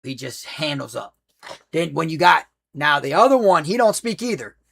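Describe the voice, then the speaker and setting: A man's voice: on the high side, very animated, moderate pace, creaky, a bit bright, slight background noise. A man streaming a horror game, rambling through movie plots in loose, slangy storytelling full of restarts. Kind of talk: casual gaming stream chat.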